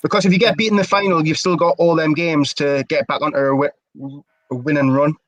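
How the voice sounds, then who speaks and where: A young man calls the match play by play in a slightly high voice. He talks steady and loose, with casual grammar. The sound is close and dry, with no room around it. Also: brisk, no echo. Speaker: match commentator. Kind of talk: live play-by-play commentary.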